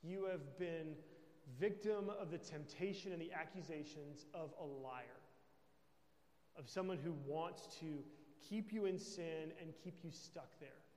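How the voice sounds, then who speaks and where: Male pastor, higher voice, emphatic sermon delivery, recorded in a reverberant hall. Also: unhurried, a little mellow. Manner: emphatic, with conversational check-ins. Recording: echoey hall with long reverb.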